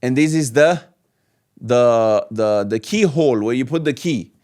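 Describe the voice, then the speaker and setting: A man teaching a beginner lesson, drawing out and repeating each letter sound slowly for learners. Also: mid-range voice, a little mellow. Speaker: Arabic teacher. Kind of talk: slow step-by-step language lesson.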